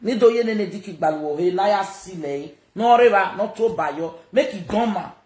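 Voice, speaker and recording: A woman's voice: mid-range voice, animated, brisk, a little mellow. A confrontational Nigerian woman on a livestream rant, her voice leaping up and down as she talks. She mixes Pidgin into her speech. The room echoes around her. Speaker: social media personality.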